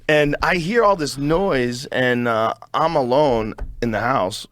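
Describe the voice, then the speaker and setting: A man hosting a podcast, telling a story in an animated, profane, casual way. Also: mid-range voice, drawn-out words, vocal fry, slight background noise. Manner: animated, profane, acts out voices in his stories. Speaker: podcast host.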